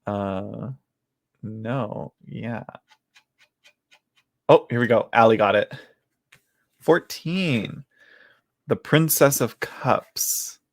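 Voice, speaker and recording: A man's voice: mid-range voice, very slow, long pauses, no room sound. A man hosting a live tarot reading, chatting casually with viewers, laughing often and talking to himself as he goes through the cards. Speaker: tarot reader hosting a livestream. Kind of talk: casual livestream chat. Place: indoors at home.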